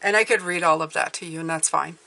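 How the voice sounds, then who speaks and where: A woman's voice: lowish voice, fast, creaky, bright, forceful tone. A woman giving a casual tarot reading, chatty and often restarting her words. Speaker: tarot reader.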